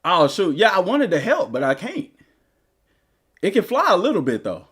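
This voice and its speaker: Guy streaming a game, high voice that jumps all over, loose rambling chat at his desk mic. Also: wildly swooping pitch, moderate pace, fairly bright tone, breathy edge. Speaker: gaming streamer. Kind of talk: casual live-stream chat.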